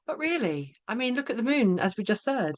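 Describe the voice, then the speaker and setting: A woman hosting a podcast, talking in a casual, halting way with frequent restarts and tag questions. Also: a little high, very animated. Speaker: podcast host. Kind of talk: casual conversational interview.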